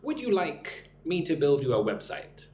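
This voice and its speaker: A man's voice: on the high side, very animated, moderate pace, darkish tone. Chatty American man teaching English live. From United States. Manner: chatty, greets viewers by name, drills phrases. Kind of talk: live online English lesson. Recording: echoey room, faint hum.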